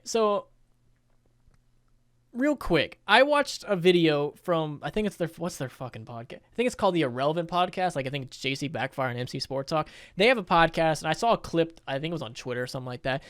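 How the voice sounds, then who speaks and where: A man's voice: on the high side, smooth, no room sound, studio quality. A man, a gaming YouTuber, giving casual reaction commentary in a blunt, profane, laughing manner.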